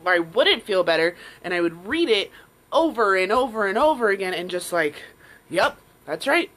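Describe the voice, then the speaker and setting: A woman's voice: medium pitch, lively intonation, a little fast, a bit bright, poor audio. Frank, swearing woman hosting a live stream. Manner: frank, profane, acts out her inner voices. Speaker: live show host. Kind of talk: candid live-stream monologue.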